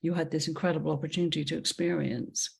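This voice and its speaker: A woman hosting an interview, answering her guest with warm affirmations and short reflections. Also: low-pitched, steady tone, quick pace, vocal fry, slightly rough. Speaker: interview host. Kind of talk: casual interview chat.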